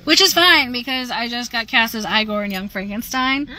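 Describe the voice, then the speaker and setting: A woman's voice: fairly high pitch, expressive, normal speed, pushed and bright, low-quality recording. A woman voice actor chatting casually on a livestream, bubbly and full of fillers. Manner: bubbly, chatty, laughs often, trails off with fillers. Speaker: voice actor doing fan Q&A. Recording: faint background noise.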